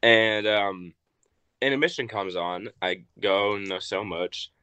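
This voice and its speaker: A man's voice: slow pace, smooth, dry recording, highs cut off. A young man from Arkansas, a wrestler guest telling a story in casual chat and acting out the quotes. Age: young adult. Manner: animated storyteller, acts out quotes with big pitch jumps.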